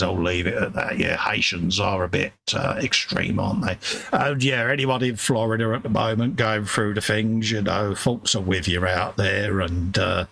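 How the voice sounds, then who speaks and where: A man with a London accent and a gravelly, fry-laden voice chats casually on a live stream. His tone is husky and a little rough, and he talks in easy, matey banter while he tidies up his workbench. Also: lowish voice, moderate pace, a bit bright. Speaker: livestream co-host.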